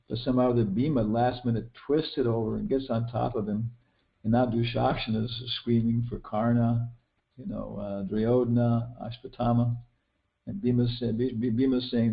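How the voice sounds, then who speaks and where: A man's voice: on the low side, flat delivery, normal speed, vocal fry. An older man giving a casual scripture class, retelling an epic story and film scenes in a rambling way, full of restarts and fillers. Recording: dull lo-fi recording.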